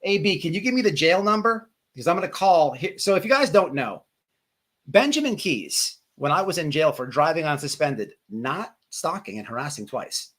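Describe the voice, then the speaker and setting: A man's voice: fairly high pitch, very animated, moderate pace, fairly bright tone. A man hosting a casual livestream, telling a long profane jail story with many repeated words. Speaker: livestream host.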